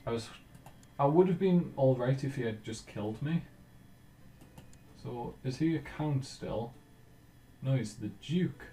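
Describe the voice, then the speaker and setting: A man hosting a let's play, commenting casually on his strategy game and thinking aloud in a relaxed, musing way. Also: mid-range voice, unhurried, pauses often, reverberant, a little hiss or hum.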